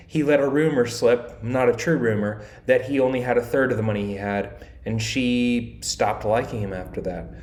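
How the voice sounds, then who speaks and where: A man's voice: medium pitch, darkish tone. A man giving a casual chapter-by-chapter summary of a classic novel, retelling scenes in everyday slang and reading quotes aloud. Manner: conversational, paraphrases scenes in modern slang. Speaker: literature explainer. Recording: echoey room.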